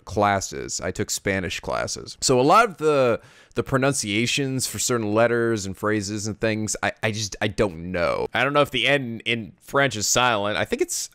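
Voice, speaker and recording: A man's voice: on the low side, expressive, normal speed, fairly bright tone, smooth, dry recording, studio quality. A man hosting a let's play, chatting casually over a game in a rambling, profane way. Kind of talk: casual gameplay commentary.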